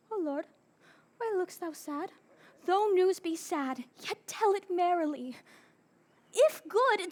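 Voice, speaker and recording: An eager, lovestruck young girl pleading for news, played by a woman on an outdoor Shakespeare stage. Her voice sits very high and swings widely in pitch. She speaks at a deliberate pace. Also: fairly bright tone, full character voice. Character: impatient young female lover, eager, lovestruck. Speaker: stage actor.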